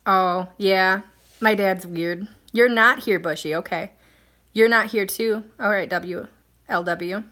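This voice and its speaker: A woman's voice: mid-range voice, slow, a bit bright. A woman hosting a casual live stream, chatting and answering viewer comments in a rambling way with plenty of ums and restarts.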